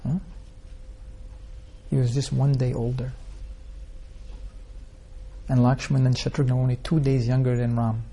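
A man's voice: medium pitch, level tone, unhurried, pauses often, mellow, breathy edge. A man teaching an informal scripture class, telling stories in a rambling way and asking the listeners rhetorical questions. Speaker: spiritual teacher.

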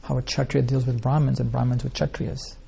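A man's voice: medium pitch, level tone, fairly quick, gravelly, dark tone, husky. A man teaching an informal scripture class, telling stories in a rambling way and asking the listeners rhetorical questions. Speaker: spiritual teacher.

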